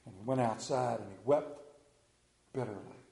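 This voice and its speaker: A middle-aged man with a rural Southern American accent preaching a sermon, telling stories in a folksy, animated way with sudden quiet drops. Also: mid-range voice, moderate pace, creaky, echoey room.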